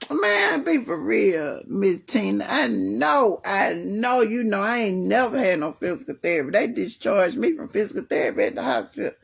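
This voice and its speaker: A woman hosting a casual livestream from home, chatting and reading viewer comments while telling a story in a lively way. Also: on the high side, creaky, slightly rough. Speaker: livestream host. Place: at home, resting with leg elevated.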